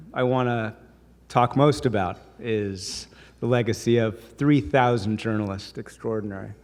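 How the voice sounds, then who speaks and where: A man giving a conversational, anecdotal speech at a dinner, slipping humor into his stories. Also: mid-range voice. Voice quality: voices others in quoted bits. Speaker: speaker at a dinner. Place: large hall. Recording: long hall reverb.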